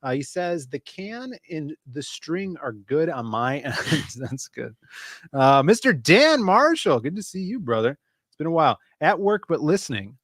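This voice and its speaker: Male podcast co-host, higher voice, dry room, rambling casual chat. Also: very animated, moderate pace, fairly bright tone, no room sound. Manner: loose, rambling, greets the chat by name.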